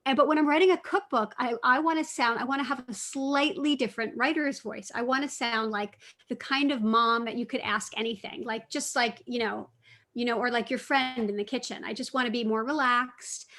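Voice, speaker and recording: Chatty woman author, slightly high voice. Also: fairly quick. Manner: chatty, self-correcting, lively storytelling. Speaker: cookbook author and food writer. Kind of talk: casual talk answering students' questions.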